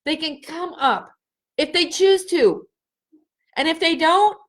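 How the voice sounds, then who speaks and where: A middle-aged woman hosting a live spiritual healing session, speaking slowly and earnestly and repeating phrases for emphasis. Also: very high voice, animated, a bit bright. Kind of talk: live energy-healing reading for viewers.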